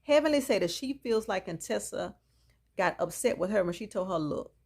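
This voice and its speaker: This woman's medium-pitched voice is gravelly with a breathy edge, brisk and lively in intonation. She gossips her way through a reality TV episode recap, talking to viewers with plenty of opinions and reactions.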